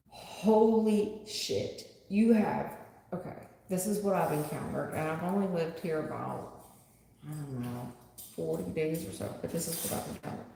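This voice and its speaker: A woman's voice: on the low side, creaky, dark tone, a little hiss or hum. A woman tarot reader chatting bluntly with viewers on a live stream. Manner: blunt, chatty, talks straight to the chat. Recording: echoey room with long reverb.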